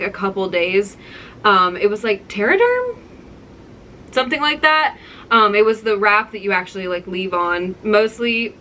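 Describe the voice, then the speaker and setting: A woman's voice: mid-range voice, pushed and bright, slight background noise. A young woman telling a casual story time to her viewers, chatty and full of likes and ums. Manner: chatty, many fillers and likes. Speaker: vlogger.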